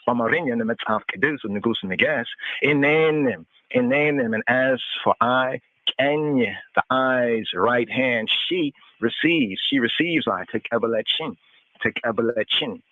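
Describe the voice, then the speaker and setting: A man's voice: mid-range voice, dry recording. Man teaching scripture over a tinny phone line. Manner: repeats words, chanting and translating. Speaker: radio host teaching scripture. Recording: dry, tinny phone-line call-in audio.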